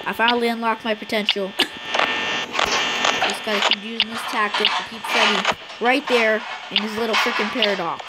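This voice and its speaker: Woman, gameplay commentator, excitable and giggly, taunts the game characters; slightly high voice, close mic with heavy electrical hum. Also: moderate pace, long pauses. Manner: excitable, laughs and coughs often, talks to game characters. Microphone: close personal mic. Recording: loud mains hum, clicks.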